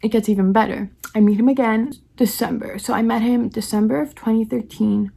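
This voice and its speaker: A young woman from the New York area, chatty and excited, telling a personal story on her vlog and acting out the quoted lines. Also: a little high, gravelly, husky. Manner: rapid, chatty, heavy use of "like", acts out quoted lines. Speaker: vlogger.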